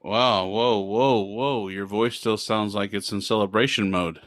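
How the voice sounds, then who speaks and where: A man co-hosts a relaxed podcast chat, joking and wandering through his points with plenty of fillers. His voice sits on the low side. It is recorded dry and close, with no room sound. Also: unhurried, dry recording, soft background music. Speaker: podcast co-host.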